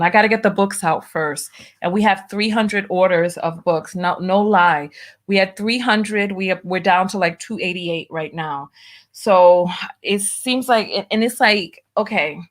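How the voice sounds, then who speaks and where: A woman hosting a live stream in a casual chat, reading comments aloud in a drawling, exclamatory way. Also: mid-range voice. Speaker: host.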